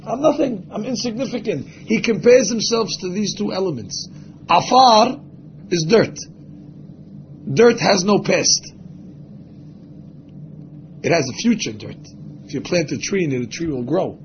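A man's voice: sits high, animated, a little slow, pauses often, muffled recording, a little hiss or hum. A man teaching a religious class, speaking emphatically and acting out the voices of imagined people. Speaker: Torah teacher.

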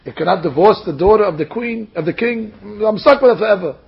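A man's voice: high-pitched, lively intonation, fast, gravelly, breathy edge, full character voice. A man voicing an anxious humble young farmer who frets about being married off to a princess, complaining to himself. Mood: despairing. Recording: dull lo-fi recording.

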